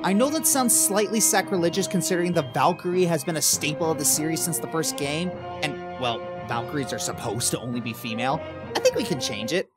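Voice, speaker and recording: Sarcastic, animated male commentator. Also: a little high, fairly quick, loud music behind the voice. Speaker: video game commentator. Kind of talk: comedic commentary.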